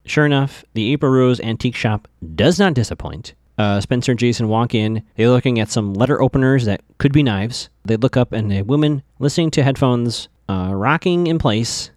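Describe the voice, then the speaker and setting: A man's voice: mid-range voice, moderate pace, few pauses, a little mellow, dry recording. Man, casual episode recap, chatty with fillers, dry close sound. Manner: chatty, with frequent fillers and stammered restarts; asides to the listeners.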